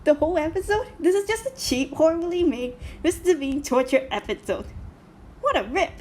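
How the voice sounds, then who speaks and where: A woman's voice: high voice, lively intonation, moderate pace, darkish tone, slight background noise. A woman reacting to a cartoon in casual, indignant commentary, swearing often and filling with "like" and "you know". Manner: indignant, swears a lot, many fillers. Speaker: reaction video host.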